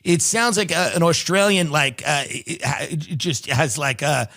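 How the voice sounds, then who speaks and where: A man's voice: a little high, moderate pace, vocal fry, pushed and bright. A man hosting a podcast, reading news articles aloud and riffing on them with sardonic comedic commentary. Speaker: podcast host.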